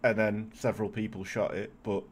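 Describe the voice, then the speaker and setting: A man's voice: fairly low pitch, little pitch movement, a little fast. A man, co-hosting a podcast and telling a history story in a loose, jokey way. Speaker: podcast co-host. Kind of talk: casual storytelling chat.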